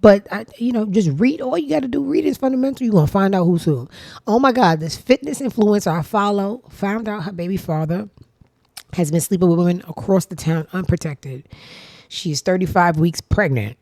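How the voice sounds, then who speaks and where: A young woman hosting a casual commentary show, talking in an animated, profane, sarcastic way with big swings in pitch and loudness. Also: fairly quick, vocal fry, no room sound, studio quality. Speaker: show host. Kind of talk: casual commentary reacting to social media.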